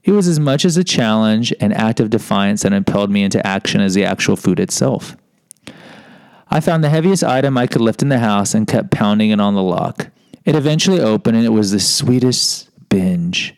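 Gravelly-voiced man rambling through a story. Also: fairly low pitch, lively intonation, fairly quick, dry recording, rough recording. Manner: digressive, wry, self-mocking. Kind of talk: rambling personal storytelling monologue.

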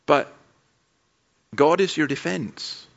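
A man's voice: a little high, expressive, slow pace, gravelly, dull audio. A man pastor delivering a sermon with humorous, anecdotal storytelling.

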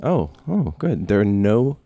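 A man co-hosting a casual chat, rambling and halting with a sarcastic edge. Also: on the low side, big pitch swings, dark tone, dry recording, soft background music.

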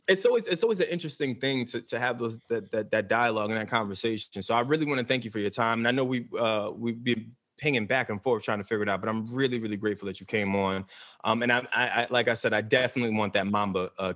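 A man's voice: fairly low pitch, fast, fairly bright tone. A man hosting a podcast in casual chat with an American accent, restarting and repeating words as he talks. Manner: stammering restarts, emphatic repetition. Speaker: podcast host.

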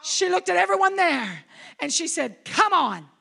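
A middle-aged woman pastor preaching a sermon, telling a personal story with rising emotion and shouting. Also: very high-pitched, sing-song, moderate pace, gravelly. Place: conference hall.

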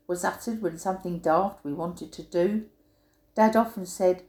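A woman's voice: on the low side, normal speed, a little mellow. An older woman reading her own humorous rhyming poem aloud, giving quoted sayings a playful, punchy emphasis. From England. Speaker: poet. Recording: roomy echo.

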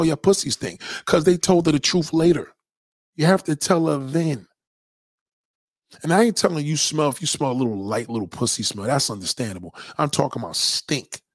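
A livestream host with a fairly high, darkish voice delivers a crude, profane rant, bluntly lecturing and reading out messages from his chat. The sound is studio quality with no echo.

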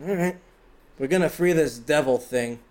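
A man at a tabletop game trades snarky teasing with the table. His voice sits fairly high. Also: moderate pace, a little mellow. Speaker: player. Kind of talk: casual tabletop play.

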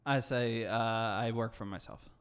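Deadpan podcast co-host. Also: male voice, medium pitch, a little slow, clean tone, in a large hall. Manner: dry, deadpan comebacks. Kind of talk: casual chat.

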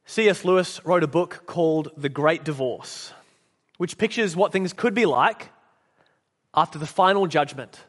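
A man's voice: on the high side, unhurried, a bit bright, long reverb tail. A man preaching a sermon, earnest and storytelling, with occasional restarts. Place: church.

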